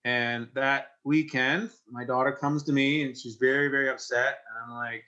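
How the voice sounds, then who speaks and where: A Canadian man in his forties, a firefighter, telling an emotional personal story in an interview in a halting way, with many restarts. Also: mid-range voice, fairly even intonation, sharp tone, muffled recording. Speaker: firefighter and investor.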